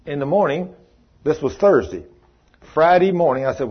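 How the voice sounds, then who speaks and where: Husky, folksy preacher with a fervent storytelling sermon style on a dull lo-fi recording. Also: male voice, fairly high pitch, expressive, moderate pace. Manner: folksy and fervent, commanding in prayers against demons.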